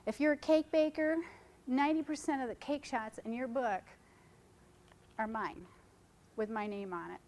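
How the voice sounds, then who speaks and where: A middle-aged woman talks photographers through her wedding work in a loose, chatty seminar style. Her voice sits a little high, and she jokes with the audience and jumps from one point to the next. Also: normal speed, pauses often, darkish tone, a little hiss or hum, low-quality recording. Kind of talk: informal seminar talk to photographers. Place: conference room.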